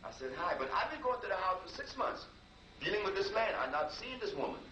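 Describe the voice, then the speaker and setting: A man's voice: sits high, very animated, quick pace, bright, forceful tone, highs cut off. A man giving a talk to a live audience, telling a personal story in a conversational, repetitive way. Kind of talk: anecdotal lecture storytelling. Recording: roomy, distant, noisy live recording.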